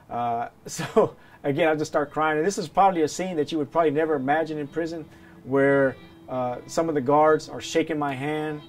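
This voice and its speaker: Earnest, halting man telling his story. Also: fairly high pitch, steady tone, a little hiss or hum. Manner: earnest, hesitant, halting with many restarts. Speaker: documentary interviewee. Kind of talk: personal storytelling.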